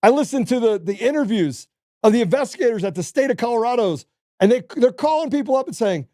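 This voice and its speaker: A man's voice: very high-pitched, expressive, fast talker, warm tone, no room sound, studio quality. A man hosting a political talk show, ranting in a heated, indignant way and swearing as he goes. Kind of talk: political talk radio rant.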